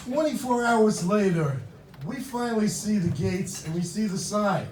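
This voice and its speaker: A man's voice: sits high, lively intonation, normal speed, darkish tone. Older man, stand-up comedian, punchy conversational delivery, roomy far-off sound. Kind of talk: stand-up routine. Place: comedy club stage with laughing audience. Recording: roomy hall, mic from far.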